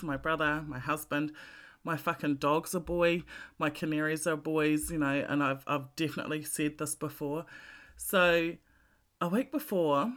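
A woman's voice: deep voice, fairly bright tone. Aussie woman in her middle years, chatting off the cuff, blunt and sweary, trips over her words a lot. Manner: candid and swearing freely, with repeated restarts. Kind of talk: casual monologue.

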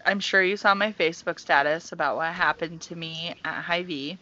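On a casual podcast, a young woman co-host tells everyday stories, swearing freely and throwing herself into every animated detail. Her bright voice sits a little low and moves at a moderate pace, though the recording is dull and lo-fi.

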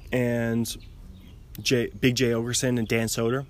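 Podcast host, man in his twenties, casual, self-amused, average pitch. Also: level tone, unhurried. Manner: rambling, self-amused, laughs often. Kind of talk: casual chat.

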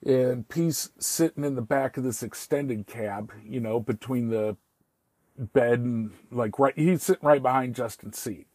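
A middle-aged man spins a rambling personal story, peppering it with swearing and repeated "I was like." His voice is mellow and a little husky, with a dry, close sound. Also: medium pitch, measured pace, dry recording.

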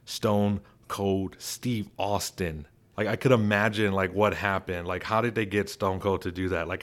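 A man in his thirties, stuffed up from allergies, giving a casual, rambling recap with lots of restarts and chuckles. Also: fairly low pitch. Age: 30s. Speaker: wrestling vlogger.

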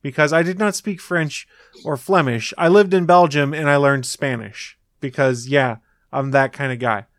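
A man's voice: a little high, moderate pace, dry recording. A man hosting a casual podcast, introducing segments and teasing his co-hosts with dry wit. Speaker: podcast host. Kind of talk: casual chat.

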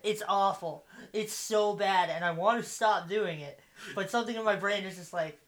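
A woman's voice: medium pitch, moderate pace. A woman with a mid-range voice chatting eagerly about wrestling on a podcast. She leans on fillers and laughs often, recorded in a small office. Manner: enthusiastic, filler-heavy, frequent laughter. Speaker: podcast co-host. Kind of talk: casual wrestling chat.

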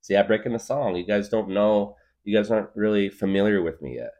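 A man's voice: on the low side, fairly quick, a little mellow. A man in his thirties hosting a podcast, rambling through a comedic monologue with lots of fillers. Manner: rambling, full of fillers, laughs at his own jokes. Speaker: podcast host.

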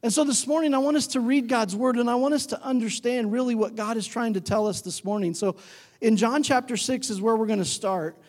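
Male pastor, high voice, conversational sermon, long church reverb. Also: fairly quick. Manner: conversational, animated when imitating talk to his dog.

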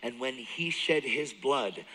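A middle-aged man preaching a testimony sermon, moving from hushed intensity to excited near-shouting. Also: medium pitch, takes it slowly, breathy edge, poor audio. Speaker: guest preacher.

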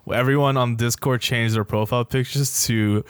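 A man's voice: medium pitch, fairly even intonation, moderate pace, clear, resonant tone, dry recording. A man from New York City co-hosting a podcast, laid-back and teasing. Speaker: podcast co-host. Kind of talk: casual podcast banter.

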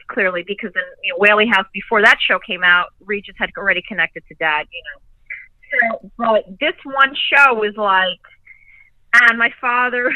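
A woman telling stories as a guest on a video call, animated and profane, laughing often. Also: mid-range voice, dry recording, narrow, tinny audio. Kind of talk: casual storytelling chat.

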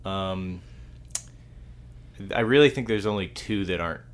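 A man's voice: sits low, measured pace. A man co-hosting a movie podcast, talking casually in a rambling, hesitant way with many restarts and fillers. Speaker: podcast co-host. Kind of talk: casual chat.

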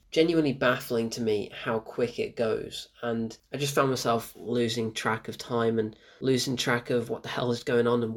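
A young man talks through a film review in a loose, chatty way, a gravelly fry running under his mid-pitched voice. He sounds bemused and exasperated and keeps breaking into laughter. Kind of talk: casual spoken film review.

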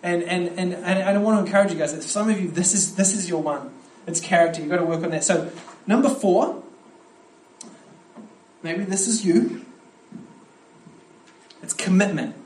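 A young man preaching a camp sermon to young people, animated and storytelling, with frequent restarts. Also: high voice, normal speed, long pauses, a little hiss or hum. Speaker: youth pastor preaching at a camp. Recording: echoey hall with faint ambience.

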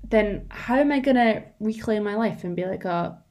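A woman's voice: mid-range voice, moderate pace, a little mellow. A young woman, co-hosting a podcast in casual chat, rambling animatedly with lots of fillers. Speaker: podcast co-host.

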